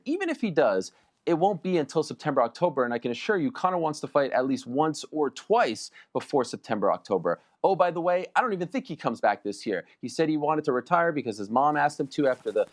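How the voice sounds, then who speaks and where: A man talking as a guest in an animated sports debate, boastful and emphatic, repeating phrases for effect. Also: medium pitch. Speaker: combat sports reporter, guest.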